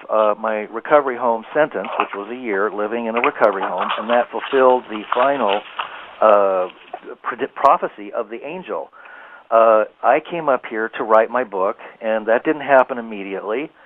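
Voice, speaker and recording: A man talking as a guest on a radio show, telling a rambling, animated story and laughing easily. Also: mid-range voice, moderate pace. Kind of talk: casual radio interview storytelling. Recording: tinny phone line, dry.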